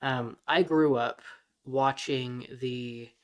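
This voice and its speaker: A man's voice: mid-range voice, slow pace, clear, resonant tone. A young man co-hosting a podcast, speaking hesitantly with frequent ums in casual chat. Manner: hesitant, many ums, relaxed. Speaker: podcast co-host.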